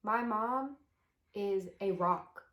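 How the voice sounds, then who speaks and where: A young woman vlogger telling a personal story to the camera, emotional and halting, with many pauses. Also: medium pitch, fairly bright tone. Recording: echoey room.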